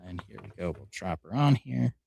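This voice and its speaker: Male host, relaxed live-stream chat, talks through the build step by step, dry close sound. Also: on the low side, brisk, gravelly, slightly rough, no room sound. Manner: easygoing, explains steps as he builds.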